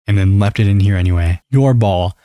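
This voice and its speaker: A young man recapping a reality TV show in a sarcastic, gossipy, animated manner. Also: on the low side, fairly quick, clean tone, no echo. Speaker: video creator.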